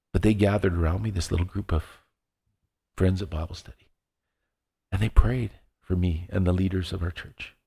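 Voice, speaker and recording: Pastor guy preaching, lowish voice, storytelling with lots of restarts, long echo of a church hall. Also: a little mellow, husky. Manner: personal storytelling with many restarts. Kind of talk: sermon. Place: church sanctuary.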